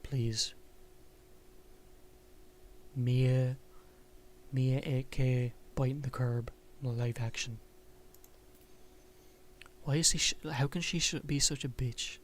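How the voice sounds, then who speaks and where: A man reads a visual novel game aloud, stumbling and restarting now and then and adding casual asides. His voice stays flat and even, with faint noise in the background. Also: medium pitch, slow pace, long pauses. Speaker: game streamer.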